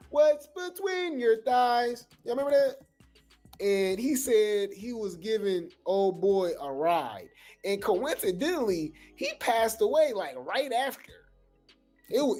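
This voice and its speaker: Male live-show host: loose, rambling, chatty with the audience; music playing softly behind. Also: fairly high pitch. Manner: rambling, addresses viewers as y'all, halting restarts. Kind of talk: casual commentary to a live audience.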